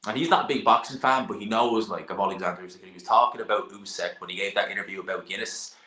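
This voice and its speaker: Chatty young man with a bright voice. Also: lowish voice, quick pace. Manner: chatty, blunt, sighs and laughs, swears now and then. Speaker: live-stream host reading chat. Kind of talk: casual live-stream chat. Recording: echoey room.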